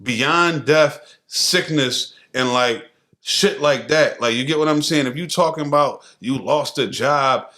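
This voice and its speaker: A man co-hosting a podcast in blunt, profane, animated casual chat. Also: mid-range voice, unhurried. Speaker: podcast co-host.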